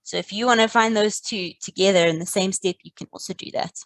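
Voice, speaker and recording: A woman leads a live maths class, calmly walking her students through each step and urging them not to panic. The sound is dry and close, with no room echo. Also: mid-range voice, fast talker. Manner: encouraging, calm, talks students through steps. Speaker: maths teacher. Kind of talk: live online maths lesson.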